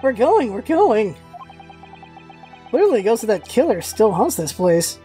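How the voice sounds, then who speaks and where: A woman's voice: fairly high pitch, big pitch swings, a little slow, warm tone, faint music behind. A woman voicing a polite, earnest young male lawyer in a game read-through.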